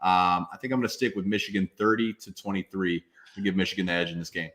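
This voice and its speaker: Bright-voiced man, emphatic interview guest. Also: sits low, steady tone, fast talker. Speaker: former football player, guest. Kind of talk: casual interview chat.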